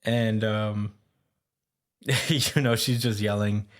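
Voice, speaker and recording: A man's voice: on the low side, fairly even intonation, slow. A man hosting a podcast, casually recapping a comic's plot with many fillers, stumbles and chuckles. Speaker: podcast host.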